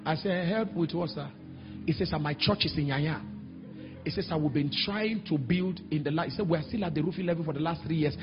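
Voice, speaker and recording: A middle-aged man with a Nigerian accent preaching a sermon, telling stories and acting out other voices, sometimes shouting. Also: a little high, fast. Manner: animated, acts out quoted voices, sudden shouts. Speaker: pastor. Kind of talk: sermon with storytelling. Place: large church hall. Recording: echoey hall, dull sound, faint music.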